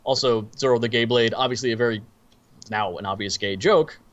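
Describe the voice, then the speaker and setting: A man co-hosting a casual movie review podcast, recounting scenes in an animated, storytelling way. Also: mid-range voice, brisk, muffled recording. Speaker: podcast co-host.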